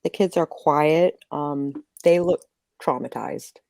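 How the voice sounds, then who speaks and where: A woman narrating and running a tabletop role-playing game in a relaxed, descriptive way. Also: sits low, slow, creaky, no room sound. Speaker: game master.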